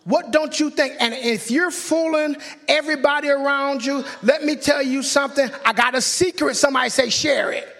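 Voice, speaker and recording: A man preaching a sermon in a church, fervent and joking with the congregation, often breaking into excited yelling. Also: extremely high pitch, normal speed, hardly any pauses. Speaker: pastor. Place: church sanctuary. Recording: long church hall reverb.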